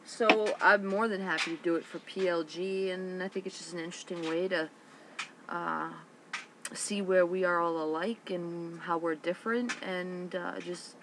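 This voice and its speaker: A woman's voice: fairly low pitch, fairly even intonation, normal speed, background noise. Casual young woman with a Boston accent. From Massachusetts, US. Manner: casual and blunt, swears offhandedly, many ums and uhs. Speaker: vlogger. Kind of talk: casual webcam vlog, reading a word list aloud.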